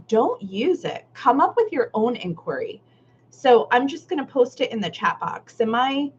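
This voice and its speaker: Her voice is on the high side as she facilitates a live online art workshop and reads out chat comments. Warm and affirming, she's casual with a Southern "y'all," laughs frequently, and speaks candidly with the occasional swear word, all over slightly dull live-stream audio with faint noise.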